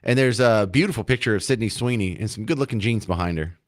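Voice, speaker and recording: A man's voice: lowish voice, fast, noisy background. A man hosting a talk radio show, giving opinionated commentary with sarcasm and mocking rhetorical questions.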